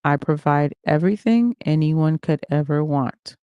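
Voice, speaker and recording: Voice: mid-range voice, measured pace, smooth, no echo, highs cut off, close to an everyday voice. A reader voicing a pushy, controlling rich man. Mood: coaxing.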